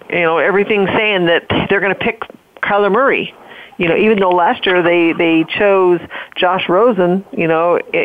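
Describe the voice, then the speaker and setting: A mid-pitched host steers a casual football chat, stumbling and repeating words as they go. The audio is thin and narrow, like a phone line. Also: a little hiss or hum. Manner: hesitant, repeats words, laughs easily. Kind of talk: casual sports talk.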